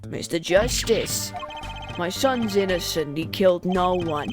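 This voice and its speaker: A woman's voice: lowish voice, measured pace, voice pushed down, natural voice. A woman voicing a menacing old mob boss father with a put-on New York accent, over game music. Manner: threatening, says capiche.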